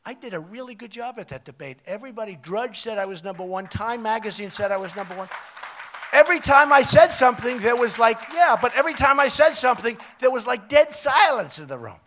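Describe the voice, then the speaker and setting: A man in his sixties with a New York accent, giving a rambling, repetitive rally speech from a podium microphone, jumping between loud emphasis and quiet asides. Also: extremely high pitch, expressive, brisk, a little hiss or hum. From United States. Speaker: political candidate. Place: outdoor resort rally.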